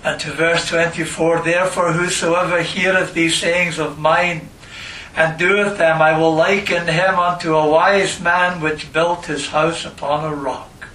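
A man preaching a sermon and reading scripture, slow and emphatic, repeating phrases for stress. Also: fairly high pitch, fairly even intonation, pushed and bright. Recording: echoey room, voice from a distance.

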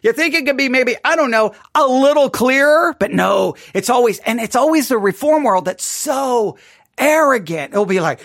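A man's voice: very high voice, expressive, moderate pace, fairly bright tone, no room sound, studio quality. A man teaching a Bible study, reacting to a sermon with emphatic, sarcastic exasperation. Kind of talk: livestreamed Bible study commentary.

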